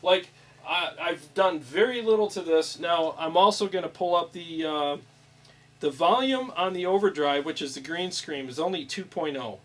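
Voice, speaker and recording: A man hosting a casual chat about guitar amp settings in a small studio room, upbeat and quick to laugh. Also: a little high, fairly bright tone, distant mic, low-quality recording. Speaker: host.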